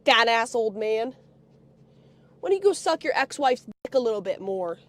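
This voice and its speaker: A woman telling a story on a live stream in a profane, angry rant that often breaks into shouting. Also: on the high side, sing-song, normal speed, dry recording. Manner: foul-mouthed, angry, swings into shouting.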